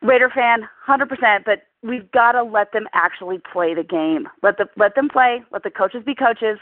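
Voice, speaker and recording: A woman's voice: on the high side, moderate pace, dry recording. A woman calling in with a heated, profane, rambling fan rant. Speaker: caller leaving a fan rant. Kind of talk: voicemail rant. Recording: tinny phone line.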